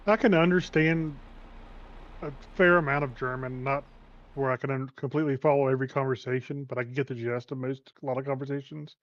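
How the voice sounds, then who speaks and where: A man chatting casually as a co-player, talking in halting, stammering restarts. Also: mid-range voice, steady tone. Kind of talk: casual gaming chat. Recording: dull lo-fi mic.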